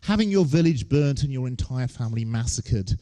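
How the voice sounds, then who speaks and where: A man's voice: medium pitch, animated, normal speed, dark tone. A man, giving a humorous lecture on stage with wry, joking asides. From England.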